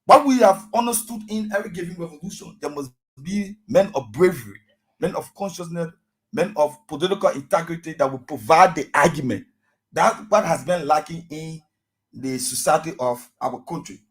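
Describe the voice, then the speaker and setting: A man's voice: fairly high pitch, moderate pace, breathy edge, low-quality recording. A man speaking as a student activist guest on a radio talk show, impassioned and rallying, repeating phrases. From Liberia. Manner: impassioned, rallying speech with repetitions.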